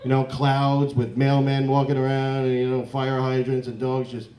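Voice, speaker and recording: A man doing a crude, rambling stand-up comedy set in a comedy club, breaking into loud mock voices. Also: mid-range voice, monotone, normal speed, slight background noise. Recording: echoey club room.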